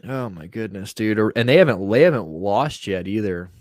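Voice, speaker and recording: A man's voice: on the low side, normal speed, no room sound. A man co-hosting a podcast, telling stories in a loose, profane, laughing way. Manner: profane, animated storytelling with frequent laughter. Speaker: podcast co-host. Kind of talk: casual podcast banter.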